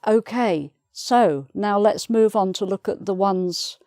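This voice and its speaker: A woman's voice: mid-range voice, slow, a little mellow, dry recording, studio quality. A woman with a British English accent gives a pronunciation lesson, patiently repeating example words. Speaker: pronunciation teacher.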